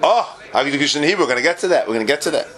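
A man teaching a Talmud class, asking and answering his own questions in an animated way, with many Hebrew and Aramaic terms. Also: fairly high pitch, racing.

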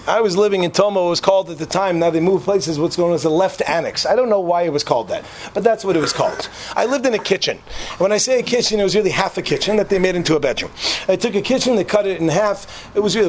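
A young man with a rather high voice tells a personal story to a live audience. He jokes as he goes, breaks off into asides and restarts his sentences. A faint background hum sits under his voice. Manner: animated, joking, lots of restarts and asides.

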